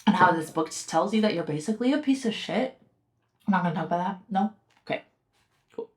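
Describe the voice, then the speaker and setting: A woman's voice: lowish voice, animated, fast talker, a little mellow. A young woman reviewing a book in casual commentary, heated and sarcastic, swearing often. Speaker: book reviewer and podcast host.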